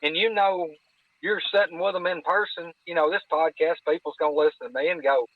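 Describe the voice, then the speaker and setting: Southern man, podcast guest, folksy and sincere, higher-pitched, thin phone-line sound. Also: fairly quick, dry recording. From North Alabama. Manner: folksy, earnest, repeats words while searching. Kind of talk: casual chat.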